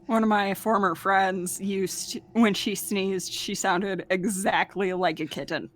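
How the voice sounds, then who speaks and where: Female player, plain matter-of-fact chat, mid pitch. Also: fairly even intonation, slow pace. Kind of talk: casual chat at a tabletop game.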